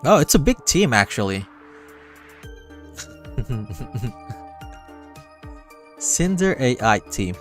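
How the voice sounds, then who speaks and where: Easygoing male streamer, slow, self-deprecating late-night chat over quiet music. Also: mid-range voice, sing-song. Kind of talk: casual livestream chat.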